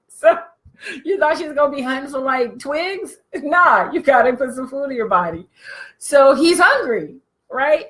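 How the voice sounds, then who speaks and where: A woman business coach telling a comic story in a slangy, animated way, laughing often. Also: sits high, normal speed.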